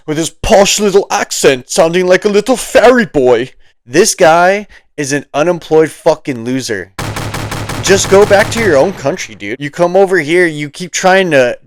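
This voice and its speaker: A man rants through his own commentary, heated and mocking, swearing freely. His voice sits a little high and comes through smooth and clean. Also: no room sound. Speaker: political commentary host. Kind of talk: ranting commentary.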